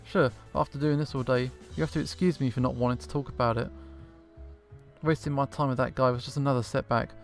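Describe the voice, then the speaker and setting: Man voicing a cold sarcastic dragon scientist woman, visual novel, middle-pitched voice, faint game music behind. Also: fairly even intonation, quick pace, lightly acted. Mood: irritated. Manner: dry, sarcastic, dismissive reading. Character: sharp-tongued female dragon scientist, curt and impatient.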